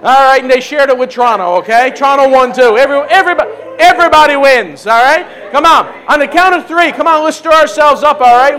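A man's voice: very high-pitched, fast. A man preaching as a pastor at a church service, urging the congregation on. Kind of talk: sermon and altar call.

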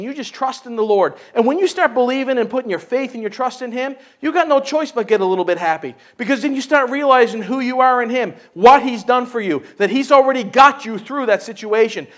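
A man preaching a casual sermon at a church service, chatty and exclaiming, often asking "you know?". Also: extremely high pitch. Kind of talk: folksy conversational sermon.

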